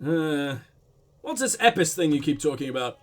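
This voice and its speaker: Guy voicing a blunt pushy detective, lively voice. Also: fairly high pitch, normal speed, faint music behind, pitched below the performer's own voice. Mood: pressing, impatient. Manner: blunt, probing, exasperated. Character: blunt, impatient male police detective.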